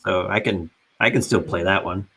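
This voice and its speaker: A man's voice: sits low, fairly even intonation, normal speed, vocal fry, pushed and bright, breathy edge. A young man in casual chat with friends as co-host, laid-back and brief. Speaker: podcast co-host.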